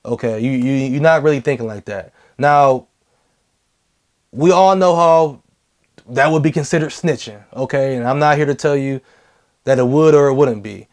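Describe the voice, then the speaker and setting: A man's voice: mid-range voice, normal speed, a little mellow. A young adult man giving blunt, slangy advice in a casual vlog, repeating key phrases for emphasis.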